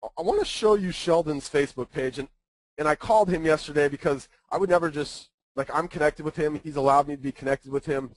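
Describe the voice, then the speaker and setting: Chatty man presenting a webinar, higher voice. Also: fast, dry recording, low-quality recording. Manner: conversational, often checks in with "right?" and "okay?".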